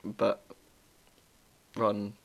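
A man's voice: fairly low pitch, monotone, extremely slow, vocal fry, highs cut off. A young man chatting casually as a podcast co-host, telling stories and laughing often. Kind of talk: casual chat. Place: works in London.

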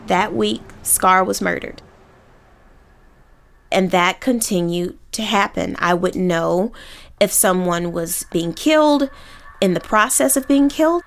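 A woman from Oakland telling a personal story in a vivid, animated way. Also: mid-range voice, a little slow, slight background noise. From Oakland, California.

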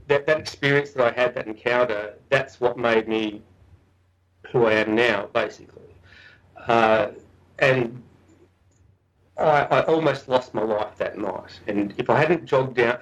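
A man's voice: medium pitch, poor audio. Give me a man as a podcast guest, earnest, repeating himself as he tells a story. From Australia. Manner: earnest, restarts often, repeats words. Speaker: guest researcher.

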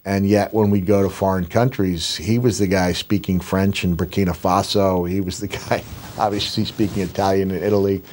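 Low-voiced man telling rambling stories. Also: normal speed. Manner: animated, rambling anecdotes with restarts. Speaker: podcast host, retired wrestler. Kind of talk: storytelling in casual chat.

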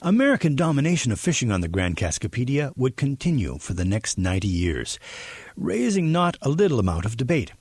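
A man reading scripted documentary narration as the reporter, in a measured storytelling way. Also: medium pitch, sing-song, darkish tone, slightly rough, dry recording.

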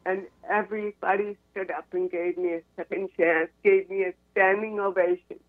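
American woman in her sixties, animated storyteller, laughs often, tinny dry phone line. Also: medium pitch, normal speed, dry recording. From United States. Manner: animated, laughs between sentences. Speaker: guest, actress and comedian. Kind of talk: storytelling in a radio interview. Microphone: telephone.

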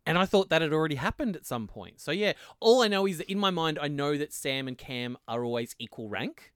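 A man's voice: a little high, animated, a little fast, fairly bright tone, clean tone, dry recording, clean studio sound. A man co-hosting a podcast in casual chat, thinking aloud and rambling with lots of fillers. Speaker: podcast co-host.

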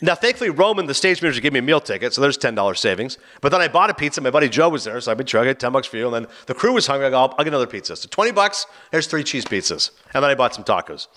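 A man in casual radio-show chat, telling an animated story and acting out bits of dialogue. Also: mid-range voice. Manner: animated, acts out dialogue in quick bursts.

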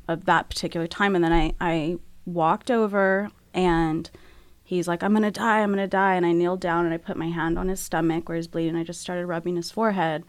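With a smooth voice on the low side, a middle-aged woman shares a personal story as an interview guest. She's candid and becomes animated in the retelling, voicing her own thoughts from back then. There's no echo.

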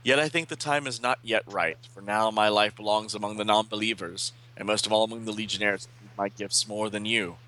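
A man's voice: lowish voice, fairly even intonation, brisk, few pauses, bright, forceful tone, low-quality recording. A man doing a gracious, noble witch heroine. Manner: formal, gracious.

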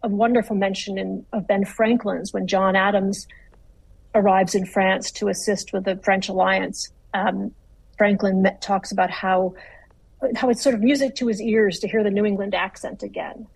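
A woman author answering interview questions in an articulate, measured way with frequent restarts. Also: mid-range voice, fairly even intonation, gravelly, husky, low-quality recording.

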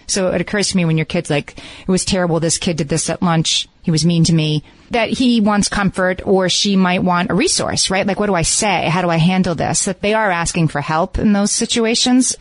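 A woman's voice: lowish voice, no echo. A woman co-hosting a parenting podcast in casual chat, wry and a little exasperated. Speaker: podcast co-host.

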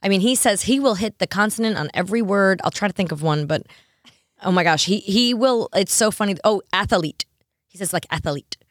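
A woman from New York with a New York accent, co-hosting a podcast in an animated, chatty way. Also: mid-range voice, no echo, clean studio sound. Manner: chatty, animated, quick to laugh. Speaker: podcast co-host. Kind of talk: casual chat.

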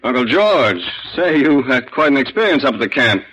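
A glib charmer of a nephew in a vintage radio drama, breezy about everything. His voice is bright and forceful, with a lively, bouncing pitch. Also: moderate pace, slightly rough, muffled recording. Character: breezy, fast-talking nephew, smooth charmer. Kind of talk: 1940s radio acting.

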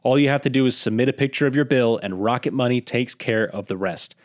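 An easygoing podcast co-host with a mid-range voice chips into a sponsor read, relaxed and joking. His mic sounds close and dry. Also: mid-range voice, fast talker, no echo. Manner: easygoing, laughs along.

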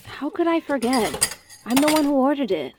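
A woman's voice: high voice, big pitch swings, moderate pace, noisy background. A woman playing a worn-out young daughter. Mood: weary. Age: young adult. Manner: weary, sighing, sulky. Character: exhausted eldest daughter, young adult. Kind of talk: audio drama acting.

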